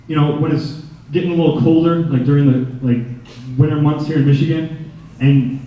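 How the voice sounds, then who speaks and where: A man giving a lively storytelling talk to children at a school assembly, breaking into high sung imitations. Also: highs cut off. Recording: echoey hall from far off.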